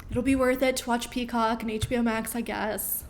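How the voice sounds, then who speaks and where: A young woman hosts a casual live Q&A, reading out viewer questions and answering them in a friendly, chatty way. Her voice sits a little high and sounds worn, and she clears her throat now and then. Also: little pitch movement, a little fast, a little hiss or hum. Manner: friendly, reads viewer questions aloud, frequent ums. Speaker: host of a live Q&A stream.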